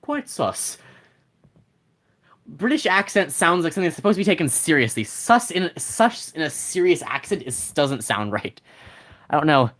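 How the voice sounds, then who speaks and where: A game streamer talks to the chat in a loose, rambling way, often restarting sentences and reading messages aloud. The pitch swings widely and animatedly through each thought. It sounds like a plain desk mic setup. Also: expressive, normal speed, a bit bright. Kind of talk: casual live-stream chat.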